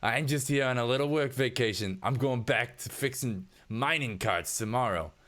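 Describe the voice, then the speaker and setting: A man's voice: mid-range voice, normal speed, fairly bright tone, voice pushed up, close to an everyday voice. A man voicing a sleazy, crude male miner who leers and grins while he talks. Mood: leering.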